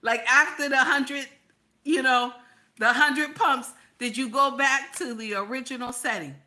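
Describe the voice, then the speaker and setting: A woman hosting a live reaction stream, her voice high and ringing bright. She talks in an emphatic, chatty way, repeating her points and calling out to viewers. The delivery is loose and conversational. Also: steady tone, measured pace. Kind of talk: casual reaction commentary.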